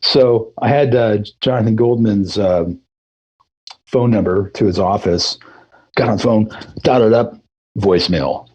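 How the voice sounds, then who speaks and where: A middle-aged man with a low, husky voice talks through his story in a relaxed interview. He rambles easily, circling back with fillers and restarts. He sounds like a musician guest reflecting on his path. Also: unhurried, lo-fi sound. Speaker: guest musician, throat singer.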